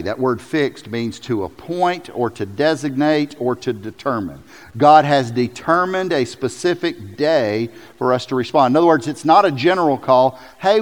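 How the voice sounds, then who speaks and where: A man preaching a sermon as pastor, telling stories with lively, acted-out quotes. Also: medium pitch. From South Carolina. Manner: animated storytelling, jumps into loud acted quotes. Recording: long hall reverb.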